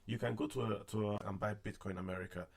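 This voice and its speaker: A man's voice: lowish voice, steady tone, fast, vocal fry. A man hosting a casual finance discussion with callers, talking in a conversational way and repeating points to stress them. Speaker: podcast host. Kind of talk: casual discussion on a call-in show.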